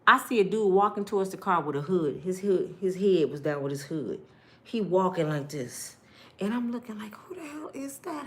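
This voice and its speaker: A woman telling a personal story in a lively, colloquial way, acting out voices and laughing, addressing her listeners directly. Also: mid-range voice.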